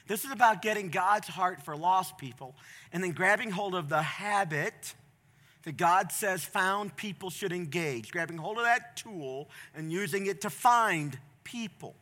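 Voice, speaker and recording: A middle-aged male pastor preaching a sermon from a church stage, passionate, moving from quiet storytelling to loud, emphatic appeals. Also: sits high, animated, unhurried.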